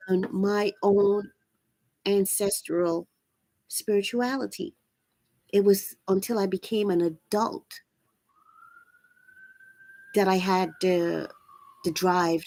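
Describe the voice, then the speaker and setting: Woman host, raspy, earnest and preachy; unhurried delivery, dry sound. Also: medium pitch, a little mellow, no room sound. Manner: earnest, preachy, repeats phrases for emphasis. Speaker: channel host. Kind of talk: live-streamed spiritual talk.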